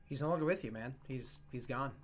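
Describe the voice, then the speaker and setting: A man's voice: medium pitch, fairly quick, a little hiss or hum. A man narrating as game master in a tabletop game, in a casual, filler-heavy way.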